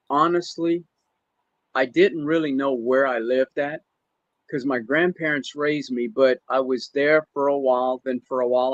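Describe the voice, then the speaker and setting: A man telling a personal story in a casual podcast chat, halting and emotional, with many restarts. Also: medium pitch, no echo, lo-fi sound. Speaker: guest. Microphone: remote stream call.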